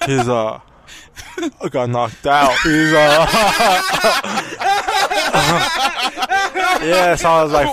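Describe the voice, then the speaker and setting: Young man telling a story over loud noise. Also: on the high side, big pitch swings, drawn-out words, pauses often. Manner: swearing, laughing storyteller. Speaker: podcast co-host. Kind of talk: crude casual chat.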